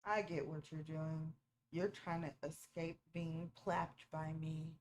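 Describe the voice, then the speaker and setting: A woman with a somewhat low voice chats casually over a movie stream. She teases her viewers playfully and picks apart small details on screen, talking into a streaming mic. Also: level tone, slow. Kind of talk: casual movie-watching reaction commentary.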